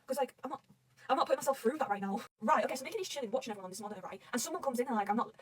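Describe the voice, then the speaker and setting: A woman's voice: a little high, lively intonation, racing, slightly rough, distant mic, poor audio. A young woman gushing and rambling through a manga recap, swearing constantly. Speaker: manga reader reacting. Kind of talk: excited recap chat.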